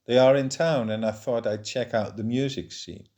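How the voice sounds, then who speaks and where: A man reading the lines of a bold, chatty young Irish newcomer in a first-person story, eager and quick to explain. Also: medium pitch, darkish tone, close to an everyday voice.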